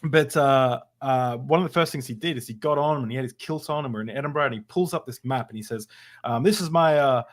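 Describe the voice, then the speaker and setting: A man's voice: medium pitch, fast. A man hosting a podcast interview, chatting casually, laughing often and stopping on fillers. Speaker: podcast host.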